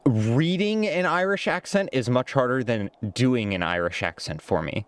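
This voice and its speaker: A man's voice: medium pitch, animated, moderate pace, clear, resonant tone. Self-mocking male game streamer. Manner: self-deprecating, laughs often. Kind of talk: live game stream commentary.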